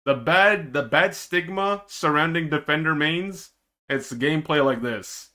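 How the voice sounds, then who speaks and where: A man streaming himself reacting to an esports match, excitable and teasing, with drawn-out dramatic groans. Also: on the high side. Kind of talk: casual live-stream reaction commentary.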